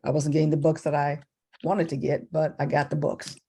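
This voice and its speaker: Husky woman telling a story. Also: fairly quick. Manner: animated, acts out a child's voice in high pitch. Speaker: member of a women's church group. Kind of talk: casual storytelling. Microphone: video call.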